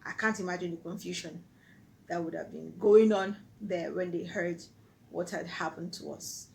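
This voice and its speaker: A woman's voice: on the low side, moderate pace, gravelly, darkish tone, poor audio. A Nigerian woman telling a personal story on her vlog in an earnest, vivid way. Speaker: vlogger.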